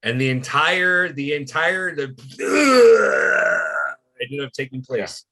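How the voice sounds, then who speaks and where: A man's voice: fairly high pitch, big pitch swings, takes it slowly, creaky, pushed and bright. A man hosting a casual podcast chat, laid-back, swearing often and restarting his sentences. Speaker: podcast host.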